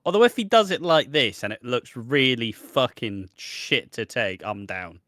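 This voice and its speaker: A man talks wrestling with a podcast co-host in loose, profane, laughing chat. His voice is bright and forceful, recorded dry and close with no room sound. He rambles from point to point. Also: mid-range voice, lively intonation, measured pace, dry recording. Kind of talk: casual wrestling review chat.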